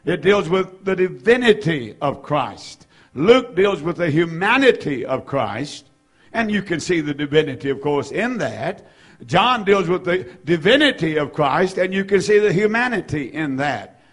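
Slow, emphatic preacher, fairly high voice. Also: male voice, sing-song. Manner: slow, emphatic preaching with drawn-out repeated phrases; reads scripture in old-fashioned wording. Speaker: pastor. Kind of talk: sermon.

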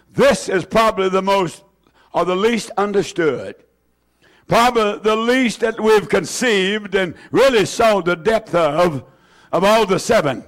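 Slow, emphatic high-voiced male preacher. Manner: slow, emphatic, repeating phrases; rises to shouting at peaks. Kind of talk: sermon.

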